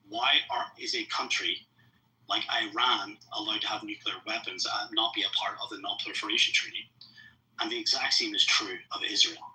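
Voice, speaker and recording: A man's voice: fairly low pitch, sharp tone, poor audio. A man in a live online debate, arguing in a combative, sarcastic way.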